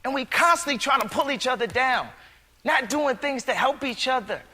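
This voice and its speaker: Man, interview clip, earnest, rambling, bright tense tone, long reverb. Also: very high-pitched, animated, normal speed. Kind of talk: interview musing.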